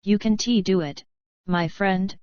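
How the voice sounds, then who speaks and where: A woman's voice: medium pitch, unhurried, a little mellow, smooth, dry recording, close to an everyday voice. A woman reading an audiobook, voicing a smug, scheming foreign general with a complacent, mocking manner. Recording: dry, dull lo-fi recording.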